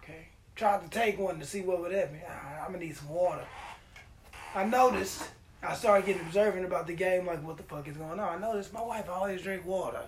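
A high-voiced man hosts a casual podcast. He tells his story in an animated, profane way and acts out the lines of the people in it. A faint hiss sits under his voice. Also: fairly quick. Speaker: podcast host.

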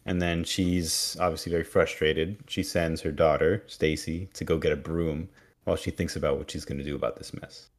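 A man with a very deep voice co-hosts a casual podcast recap. He tells the story in a joking, animated way and drops into quoted lines from the characters. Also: normal speed. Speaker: podcast co-host.

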